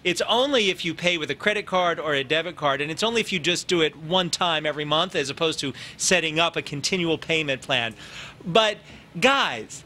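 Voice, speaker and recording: A man's voice: on the high side, fairly quick, pushed and bright, slight background noise. A man commenting on a TV news panel with sarcastic, incredulous asides.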